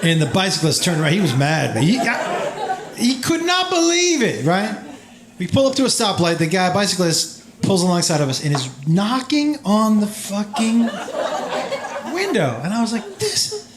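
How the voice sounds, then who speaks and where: A man's voice: high-pitched, wildly swooping pitch, moderate pace, noisy background. A man performing a stand-up routine, telling a story with exasperated, crude rants and acted quotes. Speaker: stand-up comedian. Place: comedy club stage. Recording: echoey room with loud crowd laughter. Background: loud audience laughter.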